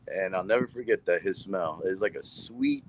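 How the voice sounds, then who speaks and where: A man's voice: sits low, moderate pace, slight background noise, poor audio. A man, a comedian, telling a story in a casual live-streamed interview, rambling, cutting himself off and laughing at his own tale. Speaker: stand-up comedian, guest.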